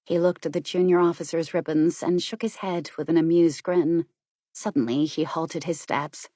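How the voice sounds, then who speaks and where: A woman narrating an audiobook in a measured, even way. Her voice sits on the low side, and the recording is dry and close with no room sound. She reads at a steady, unhurried pace. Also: dry recording.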